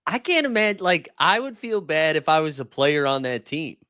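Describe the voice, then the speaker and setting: A man co-hosting a podcast, chatting casually about basketball, animated and joking, often laughing. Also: on the high side, normal speed, smooth, no room sound, studio quality. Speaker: podcast co-host. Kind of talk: casual sports chat.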